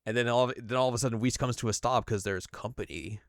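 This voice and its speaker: Smooth-voiced man recapping an anime. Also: mid-range voice, dry recording, studio quality. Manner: animated retelling with quick acted asides. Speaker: podcast co-host. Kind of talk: casual anime recap chat.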